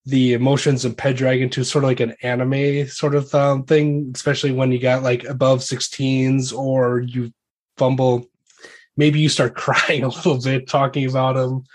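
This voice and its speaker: A man's voice: mid-range voice, little pitch movement, moderate pace, darkish tone. A man narrating as game master in a tabletop role-playing game, loose and full of hesitations.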